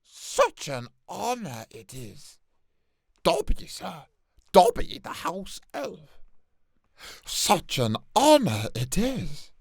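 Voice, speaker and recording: Casting: a man doing a small squeaky house elf, eager and servile, swooping high and low, dry close sound, slow delivery. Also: huge pitch swings, gravelly, slightly rough, dry recording, heavily acted. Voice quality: squeaky, strained. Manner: eager and breathless, slipping into a hiss. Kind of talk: comedic character impression.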